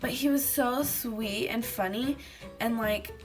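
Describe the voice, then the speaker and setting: A woman's voice: fairly high pitch, takes it slowly, soft background music. A woman vlogger chatting casually to camera, rambling with lots of fillers. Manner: rambling, fillers of "like", acts out quotes.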